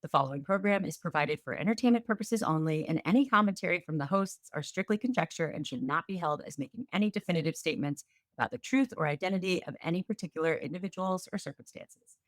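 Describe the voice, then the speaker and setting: A woman reading a scripted program disclaimer in a measured, formal way. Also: on the low side, no room sound. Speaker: disclaimer announcer.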